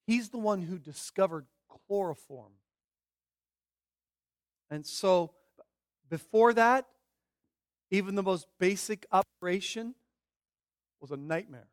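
A man preaching a sermon, moving from quiet pleading to loud, emphatic declarations. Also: high voice, slow pace, pauses often, no echo, clean studio sound.

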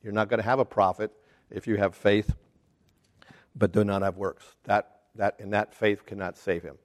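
A man teaching a casual Bible study class, talking haltingly with restarts and putting questions to the group. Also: lowish voice, level tone. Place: church classroom.

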